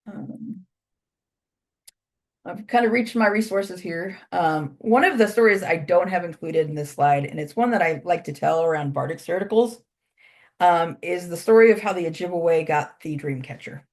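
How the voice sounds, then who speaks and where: A woman's voice: lowish voice, moderate pace, a little mellow. A woman instructor telling a traditional story in a casual, chatty lecture.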